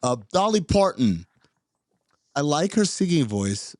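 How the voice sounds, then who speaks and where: A man co-hosting a podcast in casual chat, excitable and prone to repeating himself. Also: a little high, measured pace, dry recording, studio quality. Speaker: podcast co-host.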